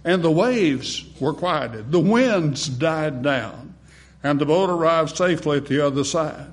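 A man preaching a sermon in a dramatic, rhetorical manner, swinging between booming emphasis and hushed, quiet phrases. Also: expressive, unhurried. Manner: rhetorical, acts out congregation replies. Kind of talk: sermon with opening prayer.

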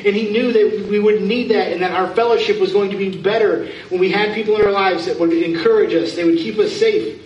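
Male pastor, high voice, conversational sermon, echoey church from far off. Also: steady tone, brisk, muffled recording, a little hiss or hum. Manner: conversational preaching with questions to the congregation. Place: church sanctuary.

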